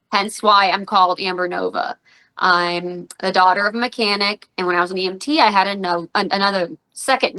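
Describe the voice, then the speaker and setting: A woman in her thirties talks through her stories in a relaxed podcast interview. Her voice is bright and ringing, and she acts out what others said with lively bursts. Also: medium pitch, poor audio. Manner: animated storyteller, acts out quotes. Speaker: guest, professional wrestler and radio personality.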